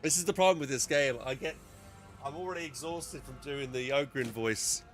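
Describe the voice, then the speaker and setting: A man's voice: mid-range voice, moderate pace, a bit bright, soft background music. A man streaming a game, chatting casually and thinking aloud, his voice sounding strained. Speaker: gaming streamer.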